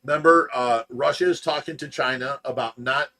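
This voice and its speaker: A man hosting a livestream, telling a story in a casual, animated way and acting out the voices. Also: medium pitch, moderate pace. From United States. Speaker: livestream host of a fish rescue.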